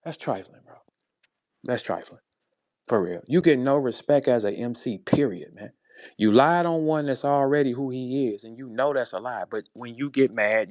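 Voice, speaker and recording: A man from St. Louis ranting in a heated, casual way, blunt and profane, swinging between low grumbles and sharp high-pitched outbursts. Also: dry recording. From St. Louis, USA. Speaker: rapper speaking in an audio chat room.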